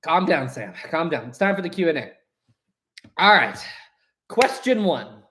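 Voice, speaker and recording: A young man hosting a live stream, chatty and animated as he runs a quiz for his chat. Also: a little high, unhurried. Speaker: livestream host.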